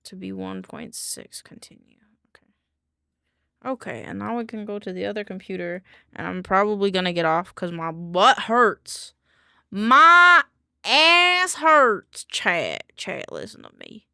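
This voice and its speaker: Goofy Southern streamer woman, gravelly. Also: fairly low pitch, animated, moderate pace, fairly bright tone, dry recording, studio quality. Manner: goofy, rambling, talks to chat. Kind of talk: casual live-stream chat.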